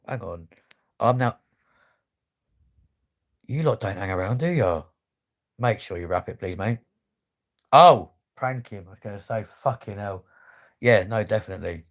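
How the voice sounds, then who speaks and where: A man's voice: fairly low pitch, animated, measured pace, long pauses. A man chatting casually on a livestream, swearing freely in laddish banter. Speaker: livestream host.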